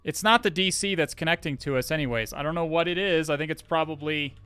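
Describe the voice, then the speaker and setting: Male livestreamer, a bit high-pitched and very clear, exasperated and swearing, halting restarts. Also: sharp tone, soft background music. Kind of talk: live-streamed hacking commentary.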